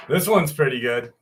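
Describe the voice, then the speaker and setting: A man's voice: medium pitch, fairly bright tone. A man hosting a live stream, chatting casually with viewers by name, swearing freely, and reading out a story.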